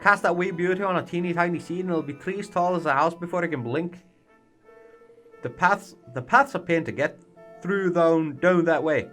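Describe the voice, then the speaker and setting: A folksy Scottish man from a video game, brusque and chummy, the kind who calls you laddie while scolding you, as a man puts him on. The imitated Scottish accent sits a bit higher and louder than an ordinary voice. Faint game music plays under it. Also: normal speed, natural voice. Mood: instructive. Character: gruff folksy Scottish man, blunt and teasing. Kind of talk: reading game dialogue aloud in a put-on voice.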